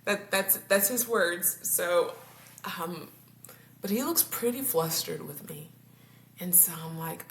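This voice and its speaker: A woman's voice: fairly low pitch, measured pace, vocal fry, fairly bright tone. A woman couples therapist talking casually to her viewers, laughing often and tripping over her words. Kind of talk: casual talk to camera. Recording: roomy echo, faint background hum.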